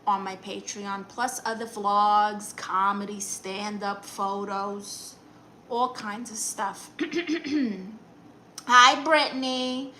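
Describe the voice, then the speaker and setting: A woman's voice: mid-range voice, fairly even intonation, slow pace, pushed and bright, a little hiss or hum, low-quality recording. A woman comedian hosting a casual live stream, reading viewer comments in a sassy, teasing, chatty way. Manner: breaks into exaggerated put-on quote voices.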